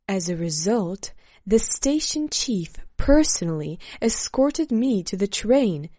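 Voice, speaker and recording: Slow, measured woman narrating a memoir. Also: medium pitch, warm tone, no room sound, clean studio sound. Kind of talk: first-person memoir narration.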